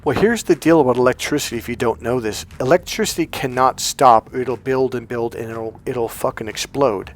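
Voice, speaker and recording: A man's voice: medium pitch, normal speed, hardly any pauses, soft background music. A man giving a blunt, profane, emphatic coaching talk as a love coach. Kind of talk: coaching monologue.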